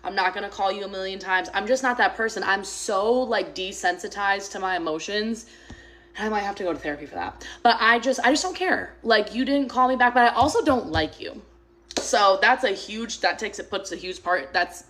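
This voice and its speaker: A woman's voice: medium pitch, expressive, normal speed, fairly bright tone. A young woman telling a dating story to camera in a blunt, profane, emphatic rant.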